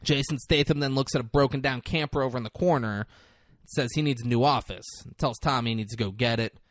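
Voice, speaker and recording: Animated man recapping a film. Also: medium pitch, fast, dry recording, studio quality. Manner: animated retelling with lively acted-out quotes. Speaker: podcast co-host recapping a film. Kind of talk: casual chat.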